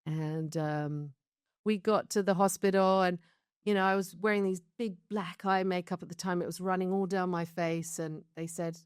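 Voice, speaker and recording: A woman's voice: fairly low pitch, fairly even intonation, normal speed, smooth, dry recording, clean studio sound. A British woman from London, recounting her life story in a candid interview, chatty and reflective with laughs between stories. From London, England. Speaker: show creator being interviewed.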